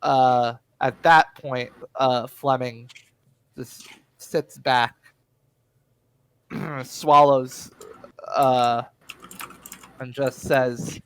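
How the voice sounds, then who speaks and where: A man running a tabletop game session, narrating what the characters do. He talks slowly and loosely, with frequent "uh"s and restarts. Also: medium pitch, slight background noise, poor audio. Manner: relaxed, filler-heavy narration. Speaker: game master.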